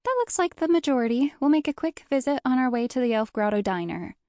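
Woman voicing a prim, anxious young guide, brisk and sugar-sweet, pitched up. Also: animated, no room sound, studio quality, natural voice. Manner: bright, sugary, higher-pitched. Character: prim young female tour guide, anxious but scheming.

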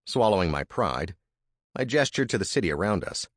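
A man's voice: deep voice, very animated, fairly quick, no echo, clean studio sound. A man reading a first-person historical story as narrator, with dramatic, vivid storytelling.

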